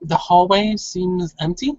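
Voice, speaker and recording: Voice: medium pitch, fairly even intonation, a little slow, darkish tone, no echo. A game master narrating scenes and calling for dice rolls in a tabletop role-play game. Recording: dry, dull lo-fi audio.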